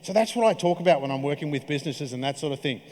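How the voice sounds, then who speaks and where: A man's voice: fairly high pitch, expressive, racing, a little mellow. A man in his forties giving a keynote speech, telling stories in a jokey, conversational way. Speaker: keynote speaker. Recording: reverberant hall.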